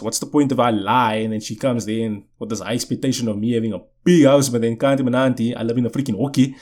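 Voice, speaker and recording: A man's voice: mid-range voice, darkish tone. A young man, telling a story casually to viewers in a rambling way with many restarts. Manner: rambling, restarts sentences, keeps asking "you know what I'm saying". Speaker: vlogger.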